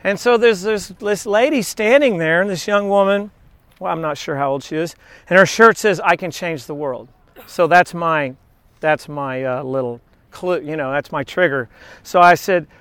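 A man's voice: sits high, moderate pace, fairly bright tone, smooth, no echo. A male pastor giving a casual, anecdotal sermon at an outdoor beach church, chatting with frequent asides to the congregation.

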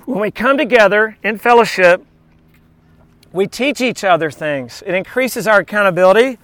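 High-voiced pastor telling a story. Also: male voice, lively intonation, normal speed, fairly bright tone, dry recording. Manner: chatty, anecdotal, with frequent asides to the congregation. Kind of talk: casual storytelling sermon. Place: outdoor beach church.

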